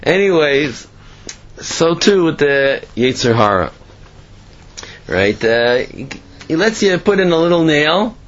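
A man's voice: a little high, slow pace, long pauses, highs cut off. A man giving a sermon and telling parables, asking himself questions as he goes. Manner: storytelling, animated, asks himself questions.

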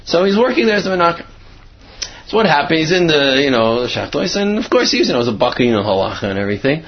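Husky guy rambling through a story, lots of fillers, voice bouncing all over, muffled lo-fi. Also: fairly high pitch, sing-song, fast. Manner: rambling, many fillers, acts out quotes. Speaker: Torah teacher. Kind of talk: storytelling talk. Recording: dull lo-fi recording.

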